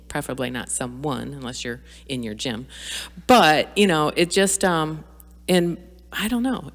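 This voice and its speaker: A middle-aged woman with a low voice speaks as a podcast guest. She talks candidly and reflectively, with frequent fillers and restarts. Her voice carries a long reverb, as if recorded in a hall. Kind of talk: candid personal conversation.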